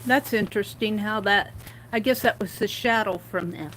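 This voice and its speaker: A woman's voice: mid-range voice, moderate pace, a bit bright, slight background noise, poor audio. A woman hosting a casual art livestream, chatting and reading quotes aloud with amused comments. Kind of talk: casual craft livestream chat.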